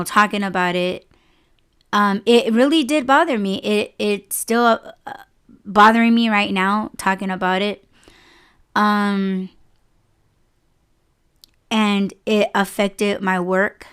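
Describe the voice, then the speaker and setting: A woman's voice: medium pitch, slow pace, pauses often, fairly bright tone, smooth. A young woman hosting a podcast, telling a personal work story casually and emotionally, with many fillers and restarts, close to tears. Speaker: podcast host.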